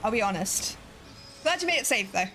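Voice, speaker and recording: Giggly high-voiced woman streamer. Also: very animated, fairly quick, sharp tone, soft background music. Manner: giggly, chatty, reads chat aloud. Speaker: game streamer. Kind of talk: casual live-stream chat.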